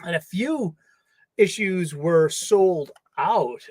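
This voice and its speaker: A man's voice: sits high, animated, takes it slowly, a little mellow, no room sound. A man hosting his own casual solo livestream from a home studio, playful and jokey, chatting to the stuffed animals around him. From United States. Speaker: livestream host.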